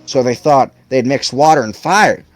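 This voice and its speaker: A man's voice: medium pitch, moderate pace, no echo, natural voice. A man voicing a talkative bar patron who lectures in a chatty way.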